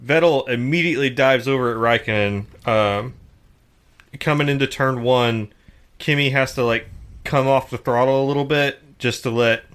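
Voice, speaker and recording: A man's voice: mid-range voice, normal speed, a bit bright. A man co-hosting a podcast, recapping a race in casual chat with plenty of ums and the odd swear. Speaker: podcast co-host.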